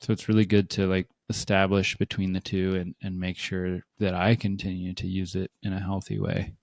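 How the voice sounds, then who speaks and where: A man co-hosting a casual podcast discussion. He talks in a reflective, joking way and gets quicker when he gets animated. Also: deep voice, no echo, clean studio sound. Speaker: podcast co-host.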